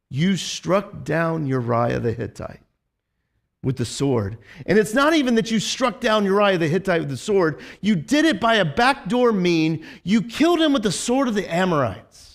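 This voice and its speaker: A man's voice: high voice, big pitch swings, measured pace, gravelly. A male pastor giving a casual, conversational sermon, chatty and full of fillers and restarts.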